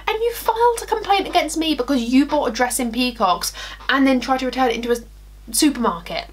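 With a high voice and a slightly fast pace, a beauty vlogger in her twenties tells a lively story while applying makeup. She acts out quotes and laughs, and there's slight background noise.

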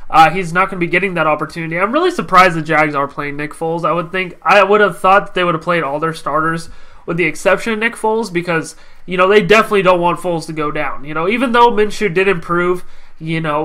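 A young man hosting a casual football recap, energetic and confident, his voice stuffy from a cold. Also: on the high side, fast. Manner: energetic, confident fan talk. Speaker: sports channel host.

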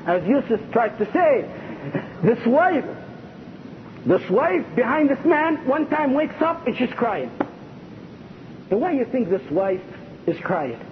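A high-voiced man preaches with fervor, throwing questions at his listeners. The recording is dull and lo-fi. A faint rumble runs underneath. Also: sing-song, takes it slowly, long pauses. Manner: impassioned, asks the audience rhetorical questions. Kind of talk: sermon lecture.

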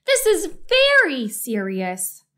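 Woman reader voicing a flustered boy fox for a storybook, high-pitched and animated, very slow. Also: heavily acted. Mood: fretful. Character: young boy fox, fussy and easily flustered.

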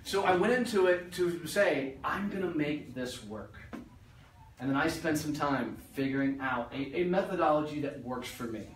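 In a meeting room, a motivational speaker addresses a business audience, blunt and joking, swearing casually. His voice is a little high, his pace moderate with few pauses. The recording has a roomy, distant echo.

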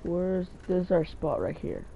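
A young man giving excitable, swear-sprinkled commentary while playing a video game and talking to himself. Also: sits high, a little slow, creaky, lo-fi sound, a little hiss or hum. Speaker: gaming channel host. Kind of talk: live gameplay commentary.

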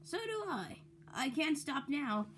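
A woman doing a chirpy, high tour vehicle. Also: sing-song, takes it slowly, fairly bright tone, a little hiss or hum, exaggerated voice.

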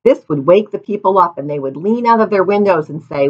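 Lively woman reading a storybook. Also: fairly low pitch, brisk, slightly rough, lo-fi sound. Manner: lively, playful asides. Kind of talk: reading a storybook aloud to children.

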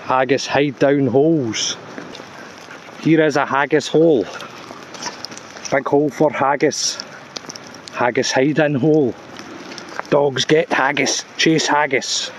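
Man, tour guide, slow clipped deadpan phrases, mid-pitched voice, outdoor woodland noise behind. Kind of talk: deadpan mock-documentary narration.

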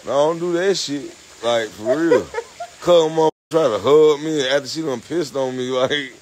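A man joking around with his partner at a pool at night, cursing and complaining loudly. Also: medium pitch, normal speed, poor audio. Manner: profane, animated, indignant. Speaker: vlogger. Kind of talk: casual banter.

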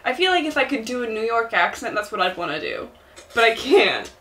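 A young woman co-hosting a game let's play, chatting casually with quick, joking banter. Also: on the high side, sing-song, bright, forceful tone, far from the mic.

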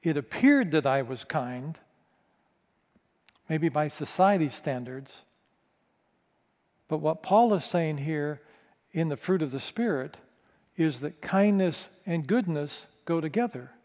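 A male pastor telling a candid, self-mocking story in a sermon, stumbling over quick restarts. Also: fairly high pitch, expressive, a little mellow. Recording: long reverb of a large hall.

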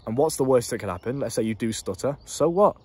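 A man's voice: mid-range voice, animated, fast, darkish tone, slightly rough, no room sound. A young man giving blunt dating advice straight to camera, swearing freely and laughing at himself. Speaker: dating coach. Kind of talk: casual advice monologue to camera.

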